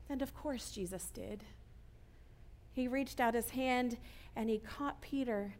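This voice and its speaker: A woman preacher gives an earnest sermon in a slightly high, somewhat mellow voice, frequently tossing a quick "right?" to her listeners to keep them with her.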